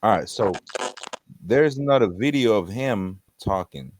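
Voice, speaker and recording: A man's voice: lowish voice, lively intonation, measured pace, a little mellow, no room sound. A man hosting a casual commentary show, reacting in a mocking, reactive way. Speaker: host.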